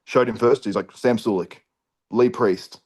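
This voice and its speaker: Animated man telling a story. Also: mid-range voice, a little slow, slightly rough. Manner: animated, acts out other people's lines. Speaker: podcast co-host. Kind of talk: casual podcast storytelling.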